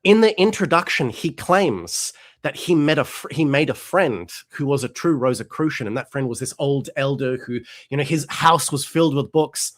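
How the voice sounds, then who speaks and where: A man's voice: medium pitch, moderate pace, hardly any pauses. A man in casual conversation as the host, talking with energy and slipping into little voices for characters. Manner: animated, acts out quoted characters, frequent restarts. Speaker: podcast host. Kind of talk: casual chat.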